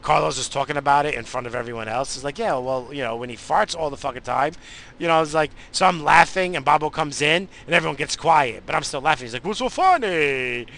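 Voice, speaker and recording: A man rambling in a profane, easily distracted casual monologue while high. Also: quick pace, creaky, sharp tone.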